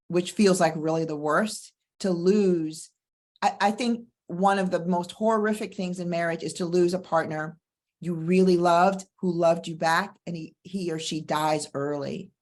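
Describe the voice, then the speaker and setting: Middle-aged woman, divorce coach host, lower register, emphatic motivational delivery. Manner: emphatic, preacher-like cadence with slow stressed phrases. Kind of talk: motivational monologue and personal story.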